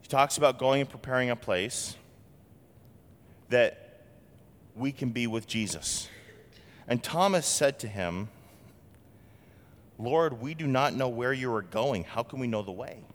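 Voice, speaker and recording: A man preaching a sermon as pastor, lively and expressive, acting out quoted voices. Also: unhurried, long pauses, in a large hall. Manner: animated, acts out quotes with big swings in pitch.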